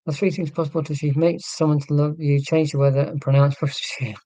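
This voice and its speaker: A man's voice: a little high, flat delivery, fast, dark tone, dry recording, rough recording. A man with an English Midlands accent chatting casually and wryly, rambling a little as he talks. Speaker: channel host. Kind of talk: casual chat.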